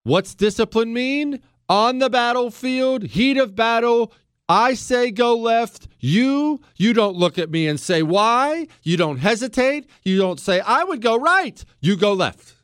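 High-voiced fired-up talk radio host. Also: male voice, expressive, a little slow, smooth, no room sound, studio quality. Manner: emphatic, rhetorical questions, builds to anger. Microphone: studio microphone.

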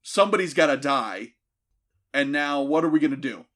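A man's voice: on the high side, animated, normal speed, fairly bright tone. A man recapping a movie with sarcastic, laughing comic riffs.

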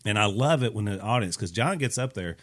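A man with a fairly low voice hosts a relaxed podcast chat. He tells stories in an animated way, with easy, conversational timing. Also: fairly quick. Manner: animated anecdote telling. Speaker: podcast host. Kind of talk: casual storytelling chat.

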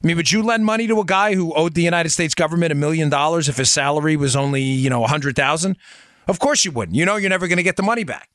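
Guy doing a political commentary show, tense sharp voice, gets louder and higher when fired up. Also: fast, dry recording, studio quality. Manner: emphatic, talks directly to listeners as folks; sarcastic asides, rising pitch when worked up. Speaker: podcast host.

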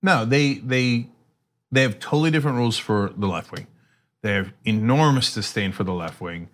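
A middle-aged man co-hosting a casual political chat, animated and acting out quotes. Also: mid-range voice, moderate pace. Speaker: co-host.

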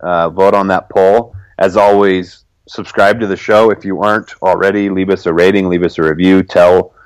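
A young man co-hosting a casual podcast, relaxed, laughing often and dotting his talk with fillers. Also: deep voice, moderate pace, smooth, dry recording, poor audio. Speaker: podcast co-host.

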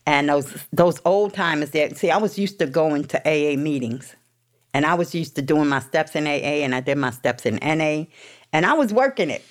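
A woman's voice: low-pitched, normal speed. A middle-aged woman from New York, a guest telling her own story in a blunt, swearing, streetwise way. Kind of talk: candid storytelling.

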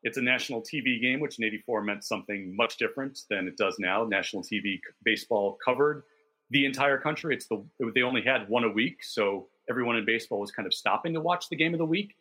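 A man's voice: medium pitch, quick pace, bright, forceful tone, slightly rough. A man co-hosting a casual sports podcast, telling stories in detail and backing them with statistics. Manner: detailed, enthusiastic storytelling with stats. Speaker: podcast co-host.

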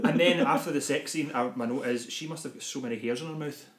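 A man's voice: a little high, brisk. A man, co-hosting a podcast and rambling as he retells a film in casual chat. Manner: rambling, self-correcting storytelling. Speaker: podcast co-host. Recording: roomy echo.

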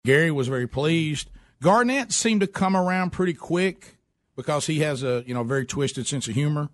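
A man's voice: a little high, lively intonation, moderate pace, dry recording, studio quality. A man in his forties hosting a talk show, playful and chiming in with laughs and asides. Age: 40s. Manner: laughing, playful, chimes in with comments. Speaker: host. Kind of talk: casual radio talk show banter.

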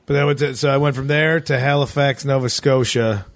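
A comedian and podcast co-host telling tour stories in a casual chat, rambling and stop-start, with quick put-on voices. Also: male voice, mid-range voice, steady tone, no echo. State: nursing tendonitis, ice packs on.

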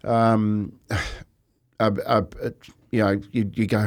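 A man's voice: lowish voice, slow pace. Rambling man on sports radio. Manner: rambling, animated storytelling with restarts. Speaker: radio sports co-host, former rugby league player. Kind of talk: casual sports radio chat.

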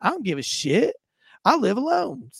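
Guy putting on a laid-back blunt dude, super matter-of-fact, kinda gravelly, dry sound. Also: very high voice, wildly swooping pitch, normal speed, fairly bright tone, no echo, pitched above the performer's own voice, heavily acted. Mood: nonchalant. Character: casual nonchalant adult man defending himself.

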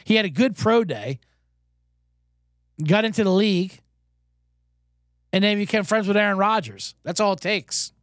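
A man hosting a sports betting podcast, telling a casino story and giving picks in a profane, animated way with shouted crowd chants. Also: sits high, measured pace, long pauses, no room sound.

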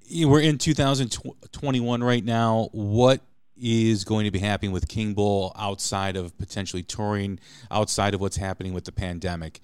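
Guy hosting a music podcast, smooth clear voice, chatty, dry room. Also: on the low side, normal speed, no echo. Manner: chatty, animated storyteller. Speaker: podcast host. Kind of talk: casual interview chat.

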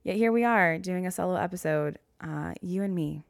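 A woman's voice: fairly low pitch, expressive, moderate pace, gravelly, hardly any pauses, no room sound, clean studio sound. A woman in her thirties hosting a solo podcast, chatting candidly and rambling with self-deprecating asides. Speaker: podcast host. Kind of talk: casual solo podcast chat.

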